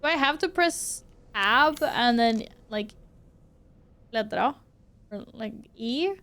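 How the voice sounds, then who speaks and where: During a live horror-game stream, a native Swedish-speaking woman speaks slowly in a fairly high, bright, forceful voice with lively intonation. She swears and exclaims at the game and chats with her viewers.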